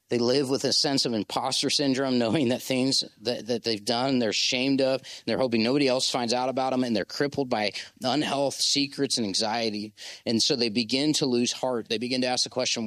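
An impassioned young man delivers a sermon in a middle-pitched voice, urging his listeners on and leading them in call-and-response. The recording is dry and close, with no room echo. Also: fairly bright tone. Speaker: pastor.

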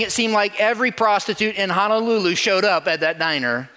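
A man preaching, telling a story, swinging from loud to hushed. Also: high voice, fairly quick, clear, resonant tone. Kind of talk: sermon storytelling.

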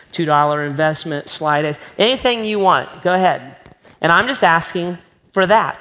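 A man's voice: fairly high pitch, a bit bright. A man preaching a sermon as a pastor, conversational and emphatic, often tossing rhetorical questions to the congregation.

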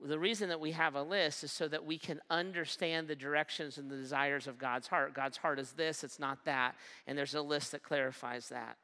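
A pastor preaching a sermon and telling a humorous personal story, acting out the dialogue and slowing down for emphasis. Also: mid-range voice, fairly even intonation, bright, forceful tone, clean tone.

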